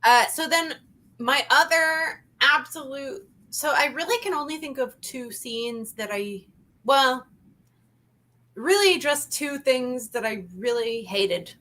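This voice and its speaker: A woman hosting a casual review chat, talking in an animated, emphatic way and repeating her points. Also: high voice, slow pace. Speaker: channel host.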